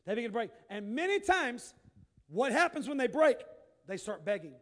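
High-voiced preacher with shouted bursts. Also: male voice, big pitch swings, moderate pace. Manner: preaching with sudden shouted bursts and quiet asides. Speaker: pastor. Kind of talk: sermon.

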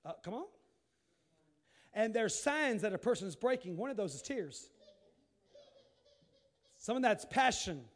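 A high-pitched man delivering a sermon. He drops to quiet, confiding asides, then rises into loud, emphatic calls. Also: big pitch swings, a little slow, pauses often. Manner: preaching with sudden shouted bursts and quiet asides. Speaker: pastor.

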